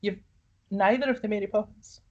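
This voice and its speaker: A woman co-hosting a podcast in casual chat, chatty and quick to laugh. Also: mid-range voice, steady tone, dull audio. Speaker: podcast co-host.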